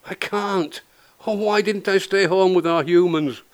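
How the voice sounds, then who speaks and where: A man's voice: high voice, measured pace, pitched above the performer's own voice. A man voicing a timid, frightened young male cat who stammers and quavers. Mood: scared.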